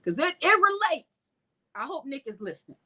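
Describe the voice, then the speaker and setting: High, bright-voiced sassy woman storyteller. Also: normal speed. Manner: animated, sassy, acts out quotes. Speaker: vlogger. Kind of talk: casual storytelling.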